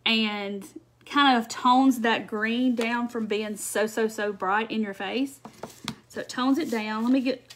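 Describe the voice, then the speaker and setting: A woman's voice: on the high side, fairly bright tone. Chatty woman hosting a craft livestream. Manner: chatty, answers viewer comments, laughs often. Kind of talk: casual live craft demonstration.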